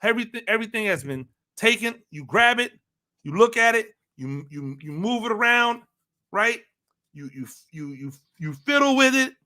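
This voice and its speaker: High, bright, emphatic football talk man. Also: sing-song, moderate pace. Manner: emphatic, repeats phrases for emphasis; talks to listeners directly, asks rhetorical questions. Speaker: football analyst host. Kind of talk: animated sports talk monologue.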